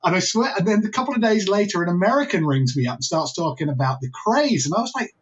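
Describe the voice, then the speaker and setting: A man directing a film tells lively behind-the-scenes stories in an interview, often restarting his sentences. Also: sits high, fast talker, dull audio. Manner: enthusiastic storyteller, many restarts. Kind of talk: podcast interview anecdote.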